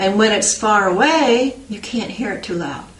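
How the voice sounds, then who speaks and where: A woman teaching a children's piano lesson in an animated, sing-song way, copying bird and dog sounds. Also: medium pitch, moderate pace. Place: room with a piano. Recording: echoey room, mic at a distance. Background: piano playing.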